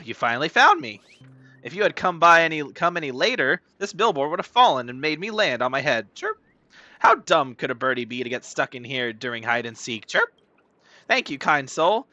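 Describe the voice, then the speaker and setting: 男性が演じる チュンチュン鳴く小鳥. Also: male voice, very animated, fairly quick, pushed and bright, no echo, muffled recording, heavily acted. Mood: chirpy grateful. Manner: high chirping put-on voice. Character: small chirpy trapped bird, polite and grateful.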